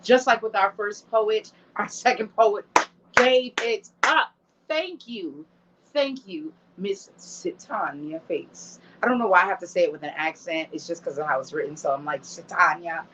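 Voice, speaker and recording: A woman hosting a show, bantering playfully with guests in an animated way. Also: mid-range voice, a little hiss or hum. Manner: animated, playful, drawn-out exclamations. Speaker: show host. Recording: dull lo-fi sound.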